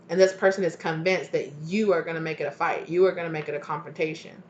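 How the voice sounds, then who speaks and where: A woman's voice: on the low side, brisk, a little hiss or hum. Lady doing a tarot reading, talks loose and chatty, kinda echoey room, a bit muffled. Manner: chatty, trails off and restarts mid-thought. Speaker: tarot reader.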